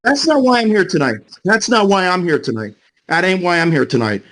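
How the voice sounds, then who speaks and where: Man on voice chat ranting, swearing nonstop, high voice all over the place. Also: animated, brisk, fairly bright tone. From New Jersey. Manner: angry, profane, berating. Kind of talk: voice chat rant.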